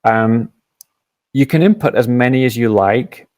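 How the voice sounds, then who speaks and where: A man hosting a live app demo, patiently explaining each step and often pausing with "um". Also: mid-range voice, darkish tone, no echo. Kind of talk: software demo and Q&A.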